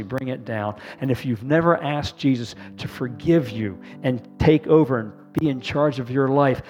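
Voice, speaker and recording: A man's voice: medium pitch, moderate pace, few pauses, darkish tone, soft background music. A man, a pastor, leading an earnest sermon prayer, calling the congregation to repeat responses after him.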